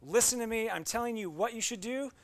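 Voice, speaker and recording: A man's voice: extremely high pitch, brisk. A man preaching a sermon, reading scripture and then talking conversationally with playful asides. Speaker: pastor.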